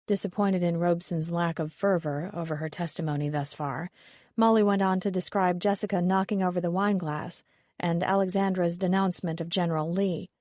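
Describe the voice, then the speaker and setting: Low-voiced woman narrating an audiobook. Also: fairly even intonation, brisk, darkish tone, dry recording, clean studio sound. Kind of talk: scripted narration.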